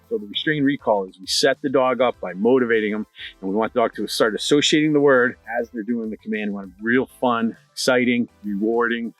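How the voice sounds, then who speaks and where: A middle-aged man teaching dog training in a lively conversational way, repeating his key points. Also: mid-range voice, no echo. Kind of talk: instructional talk to camera.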